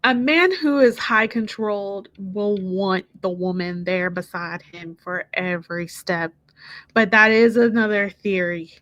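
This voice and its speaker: A woman co-hosting a podcast, talking in a casual, blunt and opinionated way with quick asides. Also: mid-range voice, fairly bright tone, no echo, muffled recording. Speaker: podcast co-host. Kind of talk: casual recap chat.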